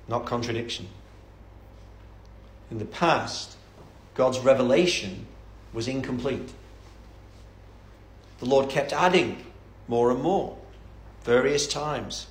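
A man's voice: mid-range voice, echoey room. A man preaching a sermon in a church, fervent and emphatic, building up with repeated phrases.

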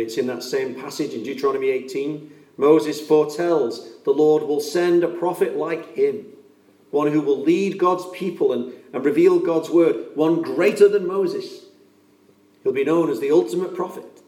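An earnest man delivers a sermon with a warm, mellow tone, pressing his points home by repeating them. His voice sits a little high for a man and carries the echo of a large room, heard from some distance off the mic. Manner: earnest, emphatic, repeats key phrases. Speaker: preacher.

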